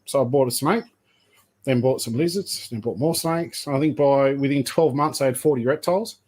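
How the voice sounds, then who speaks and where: A man's voice: medium pitch, moderate pace, a little mellow, husky. Australian man in his fifties telling stories. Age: 50s. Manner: rambling, anecdotal storyteller. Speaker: guest, python breeder. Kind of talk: casual podcast chat.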